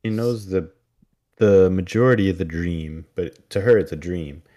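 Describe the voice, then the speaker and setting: Low-voiced man chiming in with details. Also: fairly even intonation, moderate pace, warm tone. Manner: adds short corrections and details. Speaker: podcast co-host. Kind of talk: casual episode recap chat.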